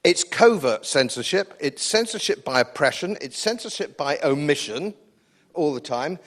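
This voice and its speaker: A man's voice: a little high, lively intonation, normal speed, fairly bright tone. A man with an English accent giving a live political speech to an audience, combative and sardonic, hammering points home by repeating phrases. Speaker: speaker at a public event.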